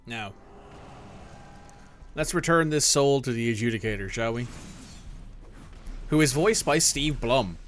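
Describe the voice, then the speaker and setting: A man's voice: medium pitch, lively intonation, a little slow, long pauses, slight background noise. Chatty man narrating his gameplay. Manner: chatty, talks to a viewer while playing. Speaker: gameplay streamer. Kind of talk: casual let's-play commentary.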